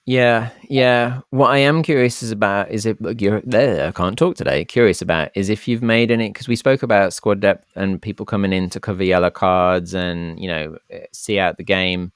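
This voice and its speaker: A man's voice: lowish voice, fairly even intonation, normal speed, few pauses, clear, resonant tone, no echo, studio quality. A man co-hosting a football podcast, talking in a rambling, casual way and often restarting his sentences. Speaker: podcast co-host.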